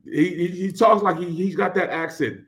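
A co-host on a casual sports radio chat show speaks at normal speed in a voice that sits high. He's laid-back and easygoing, peppering his talk with "man" and "bro."

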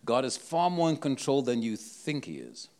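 A man's voice: medium pitch, very animated, moderate pace, darkish tone. A man with an accent preaching a sermon, emphatic and full of rhetorical questions. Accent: non-local accent.

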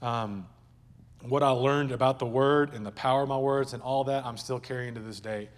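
A man's voice: mid-range voice, steady tone, moderate pace, long reverb tail. A male pastor preaching a sermon at a church service in a conversational, joking way, with asides to the congregation.

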